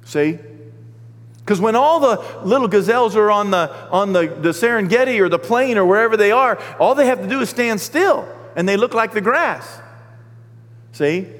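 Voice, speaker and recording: A man's voice: high voice, animated, moderate pace, a bit bright. A man preaching a conversational sermon, telling stories and often checking in with his listeners. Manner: storytelling, often checks in with the congregation. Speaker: pastor. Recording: long hall reverb.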